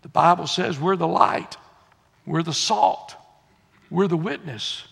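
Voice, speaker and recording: Preacher, male, high gravelly voice, folksy delivery, church hall reverb. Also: slow. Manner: folksy, swings from quiet asides to loud exhortation. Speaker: pastor. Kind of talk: sermon. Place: church sanctuary.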